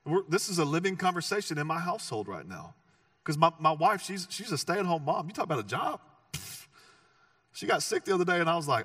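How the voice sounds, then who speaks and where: A man's voice: a little high, big pitch swings, brisk, sharp tone, no room sound, studio quality, distant mic. A man preaching a sermon as pastor, conversational and joking, with emphatic repeated phrases.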